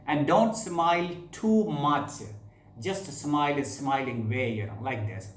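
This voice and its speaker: Brief: man, slightly high voice, HR tips with many fillers, roomy echo. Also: a little slow, slight background noise. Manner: repetitive, fillers, demonstrates gestures. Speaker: HR advice presenter. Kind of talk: advice talk to camera.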